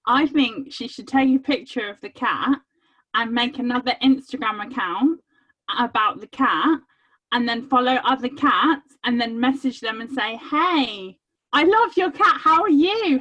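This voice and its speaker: A woman's voice: high-pitched, lively intonation, measured pace, fairly bright tone. A woman calling out an idea from across the room. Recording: distant, dull lo-fi voice.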